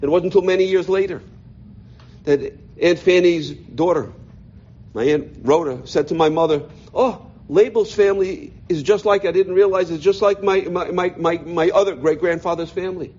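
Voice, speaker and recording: American rabbi guy telling his life story, kinda high voice, muffled sound. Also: moderate pace. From United States. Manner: animated, repeats words, voices quoted people. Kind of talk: personal storytelling talk.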